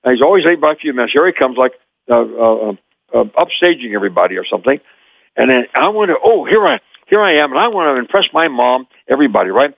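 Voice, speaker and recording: An older man from Memphis, Tennessee, telling animated stories as an interview guest and chuckling often. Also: medium pitch, fast, vocal fry, no room sound, phone-quality sound. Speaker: guest, former child actor. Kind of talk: anecdotal storytelling.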